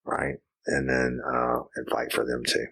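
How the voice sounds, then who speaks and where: Man in his fifties, podcast co-host; very low gravelly voice, rambling jokey delivery. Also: completely flat delivery, unhurried, bright, forceful tone. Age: 50s. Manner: joking, rambling, with profanity. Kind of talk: casual chat.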